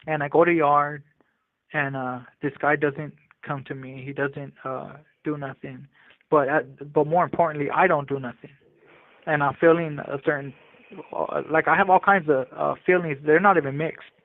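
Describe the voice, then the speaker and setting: A man tells his story in loose street slang, stumbling over restarts and fillers as he goes. His voice sits a little high for a man and comes through a narrow, tinny phone line with no room sound at all. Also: fairly even intonation, moderate pace, no room sound. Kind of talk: casual storytelling. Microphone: prison phone.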